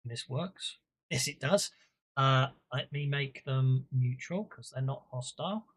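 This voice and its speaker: A game master running an online tabletop game, chatting with fillers and muttering while fixing the software. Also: medium pitch, unhurried.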